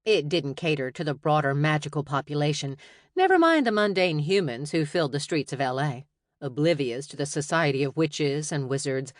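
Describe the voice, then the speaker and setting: A woman narrating an audiobook in a measured, even manner. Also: sits low, no echo, studio quality. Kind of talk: scripted narration.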